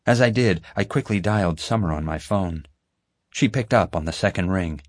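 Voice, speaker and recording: Low-voiced man narrating a story. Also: moderate pace, dry recording. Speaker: audiobook narrator. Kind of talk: scripted first-person narration. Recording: dry close studio sound.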